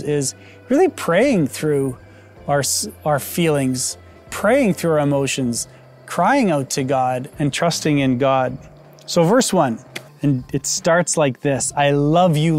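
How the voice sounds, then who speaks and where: A pastor giving a conversational sermon, relaxed and explanatory with frequent fillers. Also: male voice, a little high.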